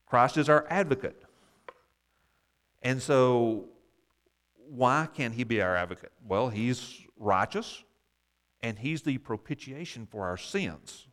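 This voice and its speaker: A man's voice: medium pitch, lively intonation, slow, pauses often, fairly bright tone. A man leading a Bible study class, explaining verses and asking the group questions, with wry asides.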